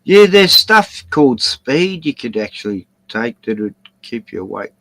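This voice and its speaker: A gravelly-voiced man hosting a loose late-night stream. He rambles, swears freely and gets heated about what bothers him. His pitch sits in a middle range. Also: big pitch swings, unhurried, fairly bright tone, no room sound, rough recording. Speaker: livestream host. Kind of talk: late-night casual chat.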